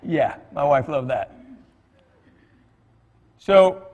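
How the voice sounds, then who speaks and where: A middle-aged man with a slightly high voice talks to a church crowd on a stage mic. He tells stories in a loose, joking way, full of fillers and asides. His voice carries a long reverb from the large hall. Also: measured pace, pauses often. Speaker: comedian speaking at church. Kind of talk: storytelling talk to a congregation.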